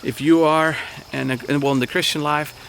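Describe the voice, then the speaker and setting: A man's voice: a little high, fairly even intonation, normal speed, vocal fry, a bit bright, a little hiss or hum. A man preaching as a pastor in an earnest, encouraging way, often repeating and restarting his phrases. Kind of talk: motivational sermon talk.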